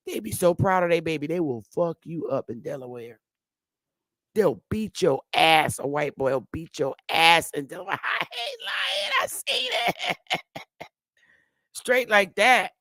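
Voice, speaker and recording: A woman's voice: low-pitched, no room sound. A woman hosting a live stream, ranting in blunt, brash commentary. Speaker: livestream host.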